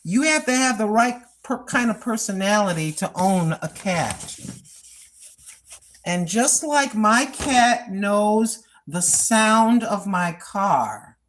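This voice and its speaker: A woman's voice: mid-range voice, animated, slow, a little hiss or hum. An older woman vlogging in a chatty, rambling way, repeating herself and laughing at her own asides. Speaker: cooking and lifestyle vlogger. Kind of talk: casual rambling monologue.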